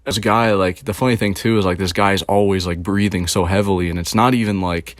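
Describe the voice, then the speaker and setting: A man's voice: low-pitched, steady tone, brisk, no echo. A young man in his twenties telling stories in a profane, rambling, mocking comedic rant.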